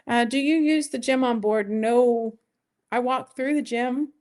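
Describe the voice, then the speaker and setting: A woman's voice: fairly high pitch, a little slow, a little mellow. Chatty, rambling woman vlogger. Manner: chatty and rambling, with many fillers and self-corrections. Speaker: weight-loss vlogger. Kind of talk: casual vlog chat, reading viewer questions.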